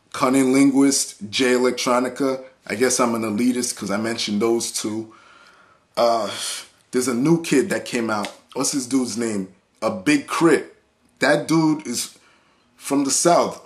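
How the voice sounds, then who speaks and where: A man ranting to the camera about hip-hop in a blunt, profane, heated way, listing examples and restarting his sentences. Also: medium pitch. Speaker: hip-hop vlogger and reviewer. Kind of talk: profane unscripted rant.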